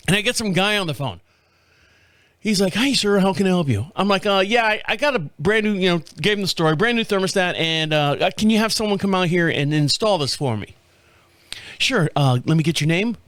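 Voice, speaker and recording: A middle-aged man hosts his own show with a fairly high voice for a man. He rambles through a story in a loose, profane way and laughs at his own blunders. The sound is dry and close, with no room behind him. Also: a little fast, dry recording. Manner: animated, profane, laughs at himself. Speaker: podcast host. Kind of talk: casual storytelling monologue. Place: home studio.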